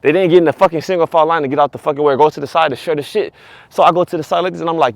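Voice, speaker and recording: A man rants on his vlog, talking fast and swearing freely as his story tumbles out. His voice sits fairly high for a man. It is recorded close and dry, with no room sound around it. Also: vocal fry, no room sound. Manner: profane, animated, repeats himself. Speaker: vlogger. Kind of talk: casual storytelling rant.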